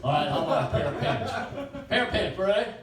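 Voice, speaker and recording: Older male comic, crude rambling one-liners, slightly high voice, caught on a distant mic in a roomy space. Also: lively intonation, fast talker, a crowd in the background. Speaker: stand-up comedian. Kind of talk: stand-up comedy at an open mic. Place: small bakery venue with few people. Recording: roomy echo from a distant mic, faint ambience.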